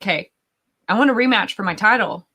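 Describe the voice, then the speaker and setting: A woman's voice: mid-range voice, a little fast, bright, forceful tone. A woman guest on a podcast, chatting playfully and laughing often with friends. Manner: giggly and playful. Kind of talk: casual chat among friends.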